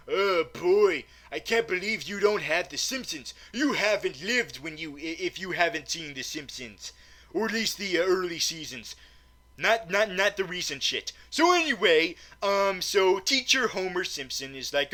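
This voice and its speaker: A man's voice: high-pitched, lively intonation, measured pace, pushed and bright. A man giving a rambling, profane comedic movie rant, stammering and repeating words. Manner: profane and exasperated. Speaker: movie reviewer.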